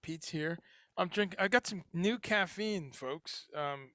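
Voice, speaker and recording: A man's voice: sits high, slow, bright, forceful tone, no room sound, clean studio sound. A man hosting a casual livestream chat, talking in a rambling way with lots of fillers and restarts. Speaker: livestream host. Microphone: headphones and home streaming setup.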